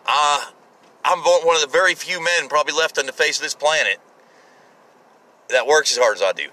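A blunt man in his forties rambles through a solo podcast monologue, swearing freely and restarting his sentences. His voice is very bright and forceful, with a hard, sharp edge. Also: on the high side, fairly quick, rough recording. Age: 40s. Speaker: podcast host.

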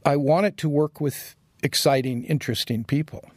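A man's voice: a little high, fairly even intonation, normal speed, breathy edge, dry recording. A man being interviewed as a designer, talking casually and reflectively and chuckling as he tells anecdotes. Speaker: guest designer.

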